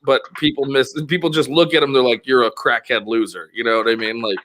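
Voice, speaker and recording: A man spins a meandering, profane yarn on his podcast, stumbling through restarts and laughing as he goes. His voice is bright and forward, at an ordinary middle pitch for a man. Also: fast. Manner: rambling, profane, laughs a lot, acts out quoted voices. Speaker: podcast host. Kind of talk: casual storytelling chat.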